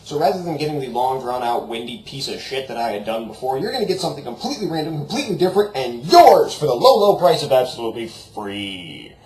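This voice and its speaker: A man's voice: medium pitch, big pitch swings, quick pace, few pauses, a little mellow. A young man vlogging from his room at the computer, chatting in a jokey, rambling, off-the-cuff way. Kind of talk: rambling casual vlog. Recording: roomy echo, faint background noise.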